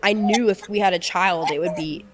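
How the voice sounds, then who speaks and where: A young adult woman telling an emotional personal story, halting and often repeating words as she restarts. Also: on the low side. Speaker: guest telling her story.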